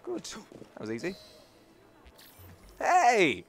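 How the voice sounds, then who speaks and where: Game music plays as a young English guy, a YouTuber, gives relaxed let's-play commentary in British English, teasing himself as he goes. His voice is a little high and a bit bright, sing-song in its rise and fall, and a little quick.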